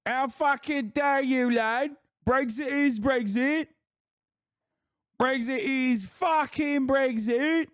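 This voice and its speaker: A man voicing an indignant British online chatter in a mock British accent, loud and sneering. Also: slow pace, smooth, dry recording, clean studio sound, exaggerated voice. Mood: outraged. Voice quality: loud, high-pitched, sneering.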